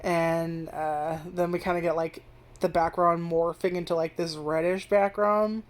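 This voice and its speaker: A woman's voice: lowish voice, fairly even intonation, measured pace. A young woman casually reviewing an anime, rambling and swearing, with lots of "like" fillers. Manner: rambling and profane, heavy use of filler "like".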